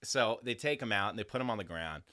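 A man's voice: on the low side, quick pace, dry recording, clean studio sound. A man casually telling a long, profane story, slipping into other people's voices as he goes. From New York area. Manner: rambling, profane, animated anecdote with quoted voices. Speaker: podcast storyteller.

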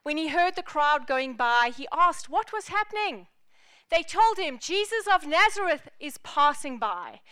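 A woman pastor preaching a sermon in an animated, playful, emphatic way. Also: high-pitched, measured pace, no echo, clean studio sound.

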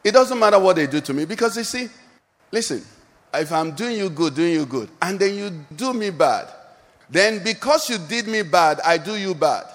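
A man's voice: sits high, expressive, normal speed, fairly bright tone, in a large hall. A male pastor preaching a sermon and calling out questions for the congregation to answer. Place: church hall.

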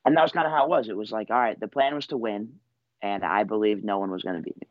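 A man's voice: fairly low pitch, quick pace, no echo, highs cut off. A young man in his twenties, a wrestler being interviewed, telling his story in a laid-back, rambling way full of fillers. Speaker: wrestler guest.

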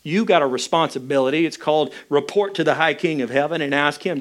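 A pastor preaching a sermon, telling a personal story in a candid, conversational way. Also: male voice, on the high side, fast talker.

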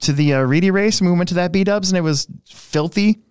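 A man's voice: high-pitched, fairly quick, clear, resonant tone, no echo, clean studio sound. Rambling man telling a story. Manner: rambling, restarts often, animated when telling a story. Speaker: podcast co-host. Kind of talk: casual storytelling chat.

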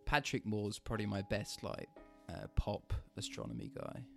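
A man's voice: lowish voice, moderate pace, creaky, over music. A man chatting casually on a podcast, rambling with lots of fillers. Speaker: podcast co-host. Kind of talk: casual chat.

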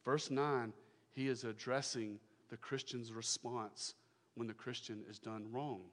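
A male pastor preaching a sermon, emphatic, repeating his phrases and swinging from loud declarations to hushed lines. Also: medium pitch, steady tone, unhurried, big-room sound.

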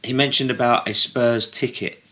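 A man's voice: mid-range voice, fairly even intonation, moderate pace, pushed and bright. A man hosting a podcast, asking questions in a friendly, casual way. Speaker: podcast host. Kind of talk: casual interview.

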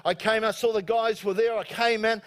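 A man with a New Zealand accent preaching a lively sermon to his church, joking and acting out voices. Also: sits high, moderate pace. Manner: animated, joking, acts out quoted voices. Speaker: pastor. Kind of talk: live sermon. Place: church service before a congregation.

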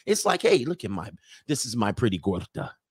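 A man hosting a casual live commentary stream, loud and joking, with slangy asides and drawn-out exclamations. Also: fairly low pitch, very animated, gravelly, breathy edge, dry recording, studio quality. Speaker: livestream commentary host.

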